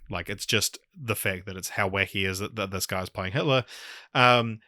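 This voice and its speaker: A man's voice: on the low side, brisk, bright, forceful tone, no echo, studio quality. A man with a New Zealand accent hosting a podcast in casual chat, rambling with lots of fillers and frequent swearing. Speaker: podcast host.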